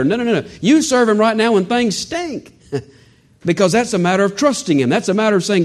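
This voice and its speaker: A man preaching a sermon in a folksy, animated way with joking asides. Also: high voice, quick pace. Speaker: pastor.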